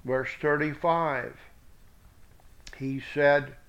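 Male bible teacher, slow deliberate reading, high voice, blunt asides, dull lo-fi recording. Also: fairly even intonation, a bit bright. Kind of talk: word-by-word scripture reading with reference numbers.

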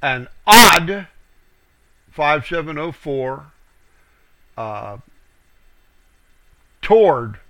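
A man leading a verse-by-verse Bible study in a slow, unhurried voice. He reads each verse aloud with weight, then explains it, pausing on fillers. His voice sits a little high and has a bright edge. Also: big pitch swings. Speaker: Bible teacher. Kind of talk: verse-by-verse scripture teaching.

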